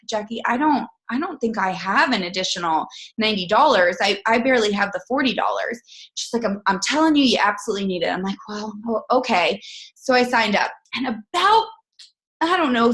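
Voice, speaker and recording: A woman in her thirties with a fairly high, slightly bright voice tells a personal story as a guest speaker on a team conference call. She acts out her own lines of dialogue.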